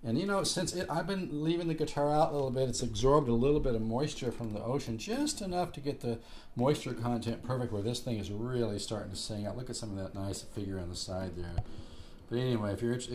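A man's voice: medium pitch, fast, darkish tone, a little hiss or hum. A man giving a casual guitar lesson, talking in a loose, rambling way with restarts. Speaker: guitar teacher. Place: home room near the beach. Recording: guitar playing clearly under the voice. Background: guitar playing.

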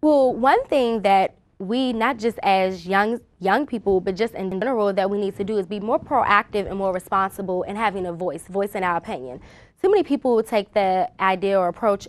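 A woman on a talk show speaks earnestly, urging listeners to act. Her voice sits at an ordinary middle pitch for a woman. She talks in an instructive, insistent manner. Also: fairly quick. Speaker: guest.

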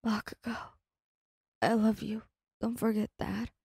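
A woman's voice: on the high side, little pitch movement, measured pace, vocal fry, dark tone, breathy edge, no room sound, studio quality, heavily acted. A woman whispering as a fading wounded hero, whispered role-play. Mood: tender. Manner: faint, barely audible whisper.

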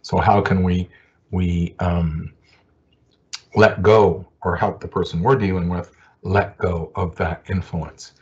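A man's voice: low-pitched, steady tone, takes it slowly, a little mellow. Older man telling a story, dull audio. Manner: storytelling, conversational with frequent fillers. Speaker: social worker. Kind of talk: recorded professional talk.

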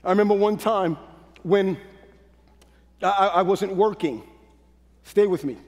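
A man preaches a sermon in a strikingly high register. He works the crowd in call-and-response, sinking to quiet confiding lines before climbing back to shouts. His voice rings with the long reverb of a big hall. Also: unhurried. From Brooklyn, New York. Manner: preachy call-and-response, swinging from low hush to shouted peaks. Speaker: pastor.

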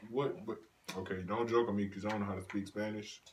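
A man joking with family during truth or dare, laughing loudly and protesting. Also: fairly low pitch, steady tone, fast. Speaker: cousin or twin in the game. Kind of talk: casual banter with family. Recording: noisy home phone recording.

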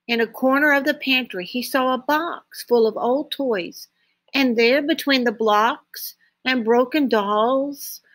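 Woman storybook reader, unhurried and expressive, a bit high-pitched. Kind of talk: reading a picture book aloud.

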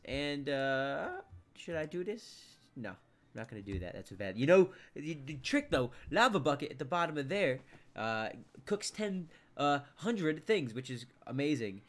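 A young man giving casual commentary over a game he plays, mumbling to himself one moment and shouting the next. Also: mid-range voice, moderate pace. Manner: excitable, jumps from mumbling to loud outbursts. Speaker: gameplay commentator. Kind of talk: casual let's play commentary.

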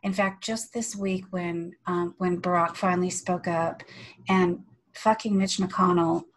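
A woman's voice: fairly low pitch, steady tone, a little slow, low-quality recording. A woman on a panel discussion, talking candidly and animatedly, telling a story over a video call.

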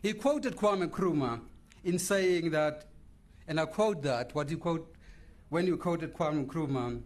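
A man delivering a formal eulogy speech in a measured, oratorical manner. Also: a little high, expressive, darkish tone. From Namibia. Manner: measured, oratorical, lists words with pauses. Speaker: memorial speaker.

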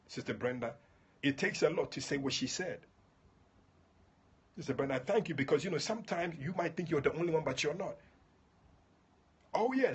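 A man's voice: fairly high pitch, slightly rough. A man preaching at a livestreamed prayer meeting, fervent, calling on listeners by name and repeating his points. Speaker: prophet and prayer leader.

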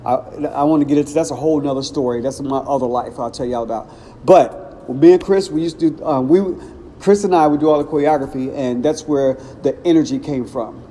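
A man's voice: mid-range voice, a little fast. Man telling stories in a reverberant room. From Cincinnati, Ohio. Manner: animated, acts out quotes. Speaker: podcast host. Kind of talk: casual storytelling. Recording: long reverb, faint background noise.

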